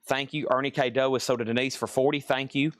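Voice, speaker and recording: Male seller, live sale patter, brisk and chatty, mid-pitched, dry close sound. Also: fairly even intonation, dry recording. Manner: brisk, chatty, lists items and prices. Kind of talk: live auction and price calling.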